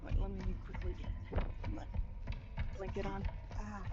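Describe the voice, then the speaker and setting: A woman's voice: medium pitch, level tone, moderate pace, long pauses, over loud music. A woman streamer chatting casually while gaming, hesitant and full of ums and likes. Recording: dull lo-fi stream audio.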